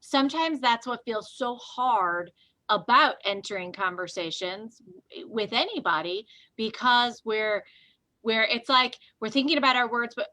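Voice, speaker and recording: A woman's voice: fairly high pitch, moderate pace, sharp tone, dry recording. A woman co-hosting a casual discussion, thinking aloud and searching for her words as she goes. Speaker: co-host.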